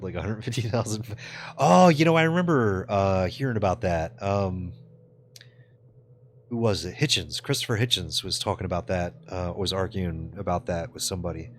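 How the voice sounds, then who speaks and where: A man with a low voice live-streams in casual chat, answering viewers with loose, profane jokes and frequent laughter. He talks at a normal speed, with slight background noise.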